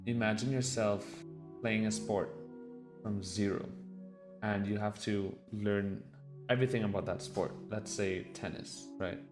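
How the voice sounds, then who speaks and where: A man's voice: on the low side, fairly even intonation, measured pace, music in the background. A man streaming a reaction to a documentary, talking casually, swearing freely and getting openly emotional. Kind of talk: casual live-stream commentary.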